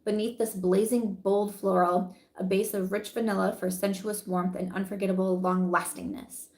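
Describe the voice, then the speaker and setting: A woman's voice: medium pitch, level tone, moderate pace, a little mellow, echoey room. A woman vlogger reviewing beauty products in casual, chatty talk, giggling often and saying "like" a lot.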